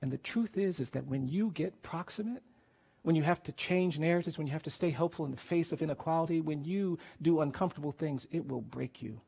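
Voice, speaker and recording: Male lawyer-speaker, fairly high voice with gravel, earnest and grave storytelling. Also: a little fast. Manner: earnest, grave, builds to quiet intensity. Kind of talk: emotional storytelling speech.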